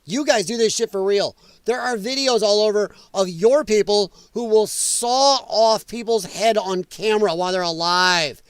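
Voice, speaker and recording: A man's voice: high-pitched, moderate pace, hardly any pauses, clear, resonant tone, no echo. A man hosting a podcast, ranting about the news in a blunt, angry, profane way. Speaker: podcast host.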